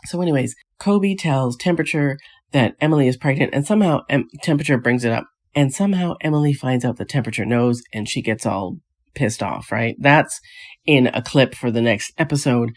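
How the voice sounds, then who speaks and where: Her voice is very deep, with lively intonation and a fairly quick pace. As a vlog host chatting casually about reality TV, she keeps starting over while firing off exasperated, scoffing rhetorical questions.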